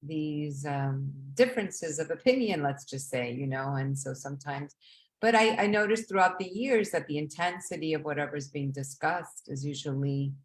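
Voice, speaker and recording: Woman, low voice, live stream host, reflective, measured, fillers, casual advice. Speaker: host answering questions.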